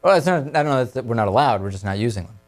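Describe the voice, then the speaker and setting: A man's voice: mid-range voice, lively intonation, racing, soft background music. A man hosting a talk radio show, leading casual discussion with his co-hosts in a conversational way.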